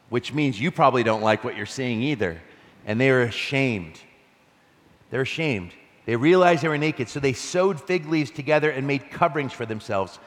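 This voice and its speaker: Man, pastor, sermon, animated, conversational, long hall reverb. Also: mid-range voice. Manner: animated, conversational preaching with laughs.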